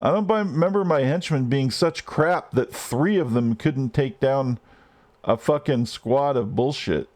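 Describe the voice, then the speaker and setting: A man's voice: medium pitch, a little slow, darkish tone. A man streaming gameplay live, ranting and swearing at the game as he plays. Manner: frustrated, swearing, rants at the game.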